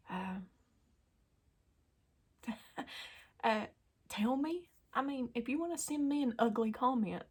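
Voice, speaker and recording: A woman hosting a daily devotional video, talking earnestly and emotionally to her viewers and often dropping to a soft whisper. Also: a little high, breathy edge. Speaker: Christian YouTube devotional host.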